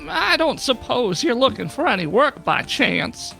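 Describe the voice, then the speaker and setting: A game master voicing an older halfling woman who asks for help in a high, sweet voice. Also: big pitch swings, a little slow, creaky, bright, forceful tone, faint music behind, exaggerated voice. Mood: kindly.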